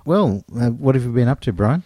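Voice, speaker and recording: A man's voice: medium pitch, brisk, no echo, clean studio sound. A middle-aged man presenting an amateur radio news bulletin, chatting with his co-host and then reading items steadily. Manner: relaxed chat, then steady read news.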